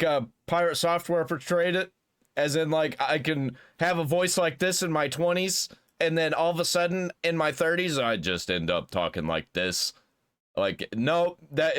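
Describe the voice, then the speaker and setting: Man, somewhat high pitch, blunt and crude, rambling casual commentary, frequent restarts. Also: a bit bright, smooth. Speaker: commentary host.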